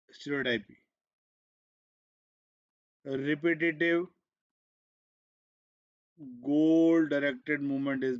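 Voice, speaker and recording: Throat-clearing man teaching medicine. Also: a little high, highs cut off. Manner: slow, repetitive explaining, switching into Hindi asides. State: coughing and clearing his throat often. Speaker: medical exam coaching teacher. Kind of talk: live exam revision lecture.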